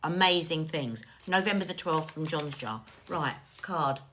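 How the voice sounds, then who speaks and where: A woman's voice: sits low, measured pace, a bit bright, a little hiss or hum. A woman working as a psychic medium, giving a chatty, affectionate card reading on a phone livestream and calling her viewers darling. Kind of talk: live-stream card reading.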